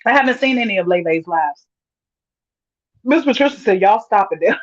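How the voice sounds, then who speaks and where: A woman's voice: mid-range voice, expressive, normal speed, long pauses, dry recording. A chatty woman with a drawl hosts a casual livestream, reading out her viewers' comments and breaking into frequent laughter. The sound is dry and slightly dull, from a lo-fi mic. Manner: laughs often, reads viewer comments aloud, Southern US slang. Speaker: livestream host reading chat.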